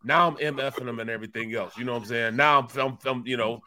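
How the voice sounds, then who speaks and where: Animated storytelling male sports host. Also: medium pitch, fast talker. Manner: animated, repeats words when worked up. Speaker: co-host, former football player. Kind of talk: casual sports talk storytelling.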